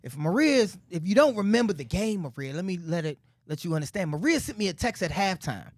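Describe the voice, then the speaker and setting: A man, a former football player, co-hosting a casual sports talk show and telling stories in an animated way. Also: a little fast, no room sound, clean studio sound. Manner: animated storyteller, jumps high when quoting himself.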